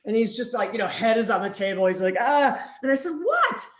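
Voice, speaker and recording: A woman delivers a conference keynote in a lively storytelling manner, trading voices as she acts out both sides of a dialogue. Her voice sits in a middle pitch and carries a roomy echo from the event room. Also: rapid-fire. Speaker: keynote speaker. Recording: roomy, echoey hall.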